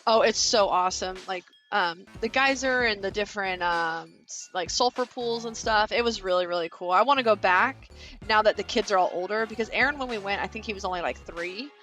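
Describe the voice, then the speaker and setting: Soft background music plays as a woman vlogger speaks a little fast in a mid-range, fairly bright voice. She's in her thirties, from Kansas, and while building she chats with viewers, rambling through a long story with plenty of fillers and casual swearing.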